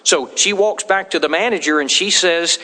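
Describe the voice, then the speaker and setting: Male preacher, fairly high and bright, folksy storyteller, big reverberant sanctuary. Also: moderate pace. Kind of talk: sermon. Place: church sanctuary. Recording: long hall reverb.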